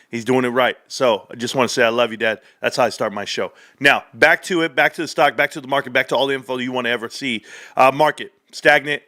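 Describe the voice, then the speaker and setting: A middle-aged man hosting a livestream about the stock market, animated and joking as he talks straight to his viewers. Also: medium pitch. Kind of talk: casual livestream rant.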